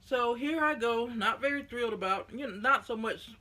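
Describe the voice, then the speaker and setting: A woman's voice: a little high, normal speed, pushed and bright. A middle-aged woman with a Southern US accent, chatting to camera in a folksy, rambling way on her own vlog. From United States. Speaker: vlogger. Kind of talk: casual chat to camera.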